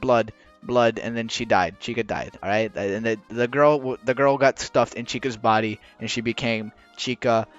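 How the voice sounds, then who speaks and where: A man rambling through a casual explainer while drawing, halting with many restarts and rushing against a timer. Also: medium pitch, steady tone. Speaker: video creator explaining game lore. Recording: dull lo-fi recording with faint music.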